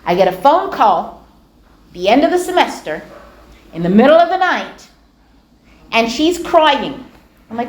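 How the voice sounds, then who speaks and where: A middle-aged woman giving a storytelling lecture, animated and acting out the dialogue of her anecdotes. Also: high voice, a little slow, pauses often, slight background noise. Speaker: speaker giving a talk on dawah. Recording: echoey room.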